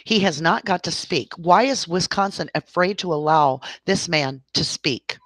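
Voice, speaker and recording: A woman's voice: lowish voice, expressive, a little slow, no echo. A woman hosting a livestream, ranting at length in an exasperated voice and talking straight to her viewers. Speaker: livestream host.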